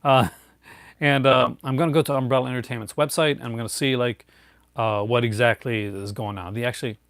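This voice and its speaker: A man's voice: mid-range voice, fairly even intonation, a little fast, a bit bright, no echo, studio quality. A middle-aged man hosting a casual live chat, rambling with many fillers and restarts and chuckling often. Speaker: host.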